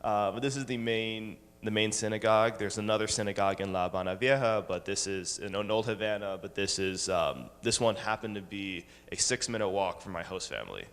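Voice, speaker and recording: A college-age man giving a slide talk to a congregation, pausing often with ums and uhs. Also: lowish voice, fairly bright tone, in a large hall. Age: 20s. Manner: hesitant, many ums and uhs. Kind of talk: presentation with slides. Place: synagogue hall.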